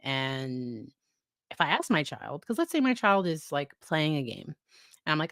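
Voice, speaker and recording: A woman's voice: sits low, sing-song, unhurried, fairly bright tone, no room sound, clean studio sound. A woman psychologist talking casually about parenting, often laughing and acting out exchanges with her child. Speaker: psychologist host. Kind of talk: casual educational talk.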